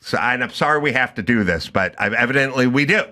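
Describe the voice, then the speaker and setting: Animated, bright-voiced man ranting. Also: mid-range voice, fast. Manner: animated storytelling, acting out both sides of a dialogue. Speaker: podcast host. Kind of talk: comedic rant on a talk show.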